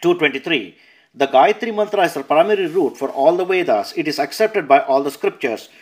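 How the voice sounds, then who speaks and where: Male narrator, slightly higher pitch, measured scripture reading. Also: lively intonation, darkish tone. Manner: measured reading with verse numbers and notes, some self-corrections. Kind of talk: reading a scripture translation aloud.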